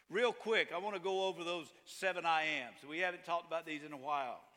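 A man preaching a sermon as pastor, emphatic and building to forceful passages. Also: a little high, fairly quick, hardly any pauses, big-room sound.

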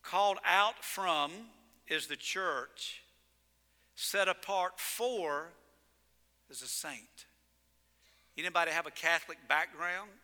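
A male pastor delivers a sermon in an animated storytelling manner, punching words with sudden loud emphasis. His voice sits high and sounds very bright and forceful. Long reverb from the sanctuary trails after each phrase. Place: church sanctuary.

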